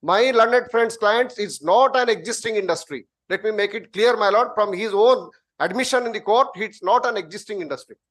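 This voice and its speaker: A man's voice: sits high, normal speed, a bit bright. A man with an Indian English accent arguing insistently as an advocate in a courtroom. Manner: insistent, addresses the bench as my lord. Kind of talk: courtroom argument.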